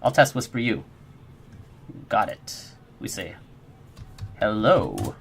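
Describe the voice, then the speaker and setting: A man's voice: lowish voice, lively intonation, unhurried, fairly bright tone, a little hiss or hum. A man streaming his game development work, chatting casually with viewers in a rambling, friendly, encouraging way and answering chat.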